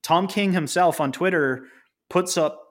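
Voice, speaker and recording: A man co-hosting a podcast in casual chat, explaining at length and laughing quickly. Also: high voice, a bit bright. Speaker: podcast co-host.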